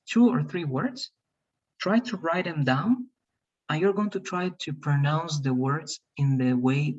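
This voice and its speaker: Husky man teaching an online class. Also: a little high. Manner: coaxing, repeats "all right" and "right". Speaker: English teacher. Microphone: video call. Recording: dull, lo-fi video call audio.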